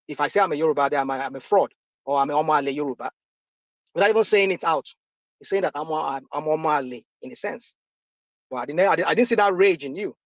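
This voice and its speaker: Nigerian guy in his 50s, high pitched, worked up and blunt, dry muffled lo-fi audio. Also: no echo. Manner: impassioned, repetitive, blunt. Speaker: discussion panelist. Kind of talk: heated live audio chat. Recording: dull lo-fi audio.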